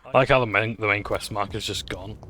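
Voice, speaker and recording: A man's voice: on the low side, fairly even intonation, a little fast, bright, forceful tone, a little hiss or hum. A man giving rambling, off-hand gameplay commentary, swearing now and then. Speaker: gaming vlogger. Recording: game music behind.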